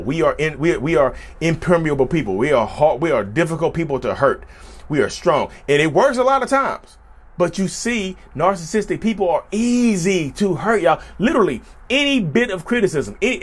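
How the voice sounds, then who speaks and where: A man hosting his own channel in a casual monologue, repeating his points and calling his viewers "y'all", his voice sometimes cracking. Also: fairly high pitch. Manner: animated, repeats phrases, addresses viewers as y'all. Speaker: YouTube channel host.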